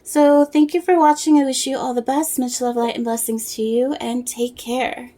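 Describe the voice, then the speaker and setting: Rambling soft-spoken tarot reader woman. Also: high-pitched, little pitch movement, moderate pace. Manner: rambling, searching for words, many fillers and restarts. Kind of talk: casual tarot reading to camera.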